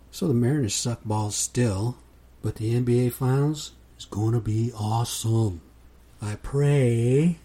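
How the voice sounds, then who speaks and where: A man with a low, dark voice that has a husky grain to it. He talks through a casual solo podcast in a loose, unhurried way, often closing his sentences with "man". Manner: laid-back, says "man" a lot. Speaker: podcast host.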